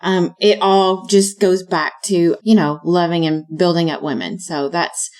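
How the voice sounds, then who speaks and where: A woman's voice: fairly low pitch, fairly even intonation, measured pace, darkish tone. A woman in her thirties from Alabama with a Southern US accent, chatting loosely as an interview guest. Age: 30s. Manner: chatty, loose storytelling with many fillers. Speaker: guest, fitness coach. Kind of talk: casual interview chat.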